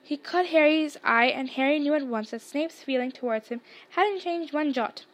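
High-voiced woman reading a storybook. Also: normal speed. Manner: reads the story aloud, small shifts for dialogue. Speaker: narrator. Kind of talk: storybook read-aloud.

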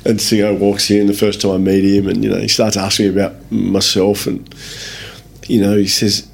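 A guest on a podcast interview, this Australian man with a fairly low, gravelly voice tells business stories at a normal speed in a relaxed setting. His storytelling is loose and lively; he swears freely, calls people mate, and acts out the voices of the characters in his anecdotes.

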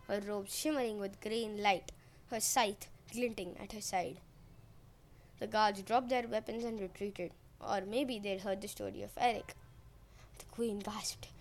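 A woman's voice: medium pitch, steady tone, moderate pace, a little hiss or hum. A woman podcast host retelling a myth in a playful, wry way.

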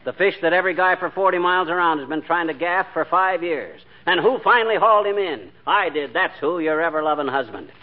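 An actor playing a brash, bragging husband who tells tall tales in a 1940s radio sitcom. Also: male voice, a little high, fairly quick, few pauses, close to an everyday voice. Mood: boastful. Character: boastful, blustering husband spinning tall tales. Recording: dull lo-fi 1940s radio broadcast with faint hiss.

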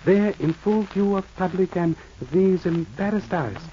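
An actor playing a calm, shrewd detective who speaks in clipped, formal broken English in a 1940s radio drama. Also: male voice, high voice, unhurried. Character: shrewd aphorism-quoting Chinese detective, calm. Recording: muffled old radio recording, faint hiss.

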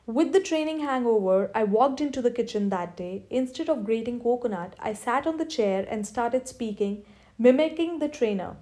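A woman's voice: fairly high pitch, animated, moderate pace, warm tone. A woman narrating a humorous first-person audiobook in a wry storytelling manner.

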